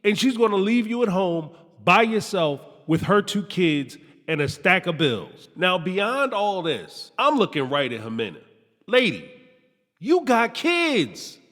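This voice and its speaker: A man hosting a reality TV review, talking in an animated, sarcastic, slangy commentary style. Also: sits high, measured pace, few pauses, long reverb tail. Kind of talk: commentary monologue.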